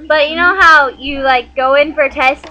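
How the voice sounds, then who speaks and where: A young woman chats in a rambling, playful vlog, giggling as she goes. Her voice sits high and sounds bright and forceful. The recording is dull and lo-fi. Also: fairly even intonation, normal speed. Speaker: vlogger. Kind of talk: casual vlog chat.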